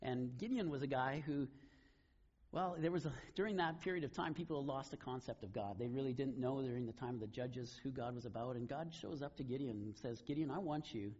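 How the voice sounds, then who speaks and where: A man preaching a sermon, retelling scripture stories in a relaxed, conversational way. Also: mid-range voice, brisk, husky, lo-fi sound. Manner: conversational storytelling, casual paraphrase of scripture. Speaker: pastor.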